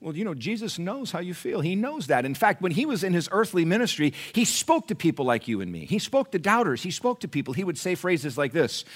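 A male pastor delivers a sermon in a church, swinging his voice up and down as he calls to the congregation. His tone is bright, and his pitch sits a little high. He acts out little voices as he goes. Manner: lively preaching with acted-out voices and calls to the congregation.

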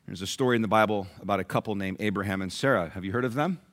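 A male pastor delivers a sermon in a bright, forceful voice. He tells scripture stories dramatically, acts out the characters and keeps asking his congregation questions. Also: on the low side, rapid-fire.

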